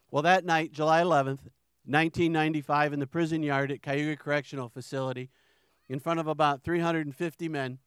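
A man's voice: high-pitched, clean tone, no room sound. A middle-aged man from New York giving an earnest personal testimony in church, often repeating and restarting words. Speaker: ministry founder giving testimony.

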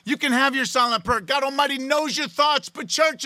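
A man preaching a sermon in a church, loud and excited, swinging from shouting to quiet, close talk. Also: very high-pitched, moderate pace, hardly any pauses, dry recording. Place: church sanctuary.

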